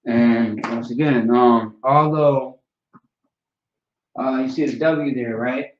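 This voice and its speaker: A man teaching a language class in a casual, relaxed way, often checking in with "right?" and "you know". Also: mid-range voice, takes it slowly, slight background noise. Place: classroom, writing on a board. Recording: roomy, distant, dull lo-fi sound.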